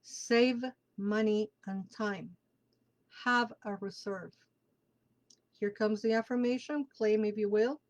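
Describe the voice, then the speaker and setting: Reading tarot on her casual live show, a woman uses a mid-range voice with a steady tone and a slow pace, captured in dull audio. She's emphatic and emotional, leaning on repeated key words and breaking into laughter between lines.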